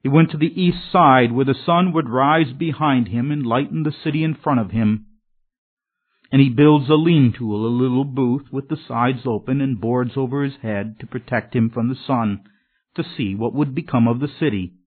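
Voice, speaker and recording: A man's voice: mid-range voice, moderate pace. A man preaching a sermon in an earnest, emphatic way, his voice swelling and dropping. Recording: tinny phone-like sermon recording.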